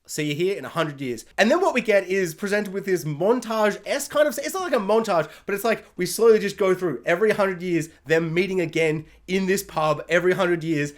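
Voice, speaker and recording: A man ranting casually in a show review, excitable and rambling with lots of fillers. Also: high-pitched, fairly quick, few pauses.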